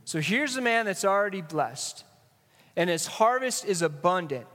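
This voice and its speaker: A man's voice: high voice, lively intonation, moderate pace, a bit bright. Emphatic preacher man in a reverberant hall. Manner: emphatic, asks the audience rhetorical questions. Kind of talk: sermon.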